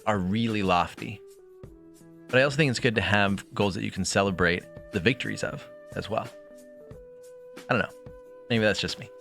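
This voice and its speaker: A man's voice: fairly low pitch, bright, forceful tone. A man streaming from his bedroom, chatting reflectively with viewers and reading a book aloud in a rambling, casual way.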